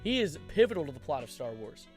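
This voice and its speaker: An excitable young streamer rambles through casual livestream commentary, swearing freely and breaking into loud outbursts. He talks fast in a voice that sits fairly high for a man, with faint music in the background.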